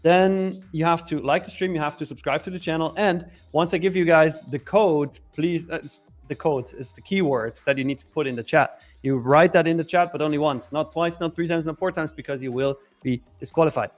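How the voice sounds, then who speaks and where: A man's voice: fairly high pitch, brisk, few pauses. A man hosting a live trading stream, running a giveaway and reading chat in a playful, laughing manner. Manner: playful, laughs often, reads chat aloud. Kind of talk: casual chat and giveaway announcing.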